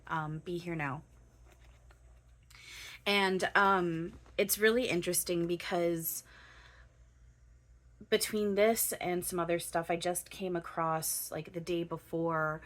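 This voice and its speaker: A woman in her thirties, a spiritual channeler, speaks to her own camera in an unscripted spiritual monologue, loose and searching, pausing often with ums to find words. Her very low voice has a fairly bright tone and still sounds freshly woken.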